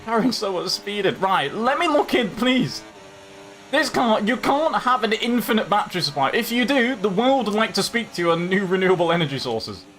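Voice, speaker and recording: At normal speed and in a high voice, a young man streams and commentates his own sim race. He chats animatedly with the other drivers and his audience as he drives.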